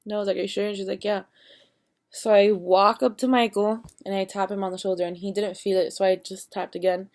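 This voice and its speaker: A woman's voice: mid-range voice, level tone, fast talker, hardly any pauses, a little mellow. A young woman in her early twenties telling a rambling storytime, swearing freely and acting out what everyone said. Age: young adult. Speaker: vlogger. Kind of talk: casual storytime.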